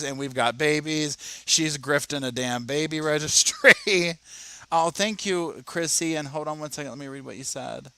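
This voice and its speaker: A man's voice: mid-range voice, pushed and bright, clear, resonant tone, dry recording. A man hosting a casual livestream, chatting and reading viewer comments as he reacts to a video. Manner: chatty, reads viewer comments aloud, says y'all. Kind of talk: casual live reaction chat.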